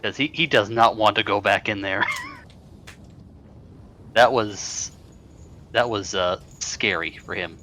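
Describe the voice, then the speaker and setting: A man playing a tabletop game, describing his character's actions in a halting way with many fillers. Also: on the low side, pushed and bright, a little hiss or hum. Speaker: player.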